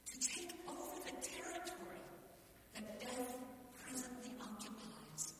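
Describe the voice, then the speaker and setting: A woman preaching a sermon in a church, measured and emphatic, pausing deliberately between phrases. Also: high-pitched, noisy background. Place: large church. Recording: echoey hall from far off.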